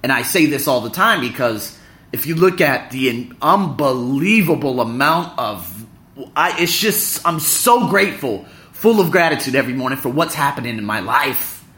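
A man's voice: mid-range voice, big pitch swings, moderate pace, fairly bright tone. A young adult man hosting a podcast, giving an emphatic, preachy motivational talk to a live audience and repeating phrases for effect. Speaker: podcast host.

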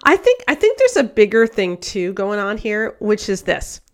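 Expressive woman laying out her argument. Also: medium pitch. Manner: explains point by point, quick affirming interjections. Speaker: podcast co-host. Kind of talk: casual podcast chat.

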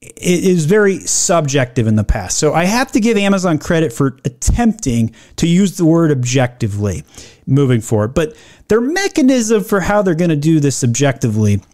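A man talks through business news in an opinionated, emphatic way, leaning on sarcasm. His voice sits a little high for a man. He slows down to read quoted lines, then picks the pace back up to pick them apart. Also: big pitch swings, a little mellow. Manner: reads quoted policy text slowly, then riffs. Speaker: e-commerce commentator.

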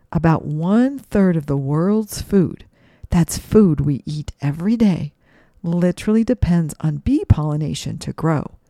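A woman gently leading children through a breathing and mindfulness meditation, asking soft questions. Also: low-pitched, dry recording, studio quality. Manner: slow, soothing, gently questioning. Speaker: mindfulness teacher for kids.

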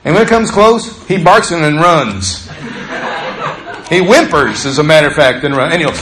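A man preaching a sermon as pastor, talking in a conversational, animated way and telling stories with laughter. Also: a little high, normal speed, roomy sound, crowd noise, rough recording.

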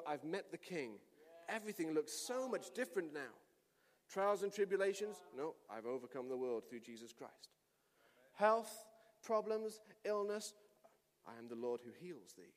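A male pastor preaching a sermon and telling a story with lively delivery that rises to shouts. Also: fairly high pitch. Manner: animated storytelling, shouting at climaxes. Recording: long reverb of a hall.

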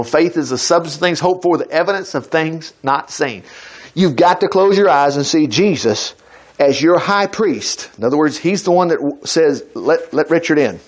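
Lively high-pitched male preacher. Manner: animated, conversational preaching with sudden loud high peaks and soft drops; reads scripture aloud and acts out quoted voices. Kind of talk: sermon.

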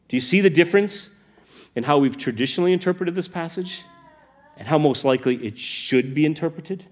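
A man's voice: on the high side, fairly quick. A man preaching a sermon, asking the congregation question after question. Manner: animated, asks the congregation questions.

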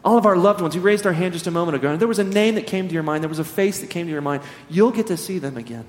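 A man preaching to a congregation, spinning stories with humor and energy. His voice sits fairly high. Long hall reverb trails each phrase. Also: rapid-fire. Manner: animated storytelling, humorous. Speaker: pastor. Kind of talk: sermon.

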